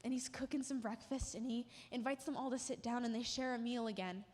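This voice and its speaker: A woman's voice: a little high, fairly even intonation, brisk, darkish tone. A woman giving a sermon, retelling a story vividly with emotional emphasis. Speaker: church speaker. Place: church. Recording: long hall reverb.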